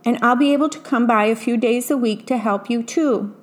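A woman's voice: on the high side, brisk, lightly acted. A woman doing a feisty young baker's daughter. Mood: cheerful.

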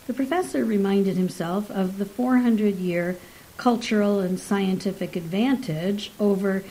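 A woman narrating a story aloud at a slow, measured pace. Her reading is even and steady, with a mid-range voice. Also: mid-range voice, low-quality recording.

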